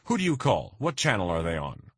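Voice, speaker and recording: A man voicing a brash, pushy rich man in an audiobook, loud and demanding. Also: fairly low pitch, wildly swooping pitch, fairly quick, slightly rough, no room sound, clean studio sound, heavily acted. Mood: insistent.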